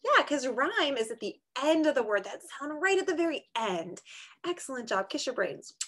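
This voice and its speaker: A woman teaching a small group of young children online, speaking in a slow, exaggerated, encouraging way and clapping out syllables. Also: sits high, very animated, bright, forceful tone. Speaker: kindergarten teacher.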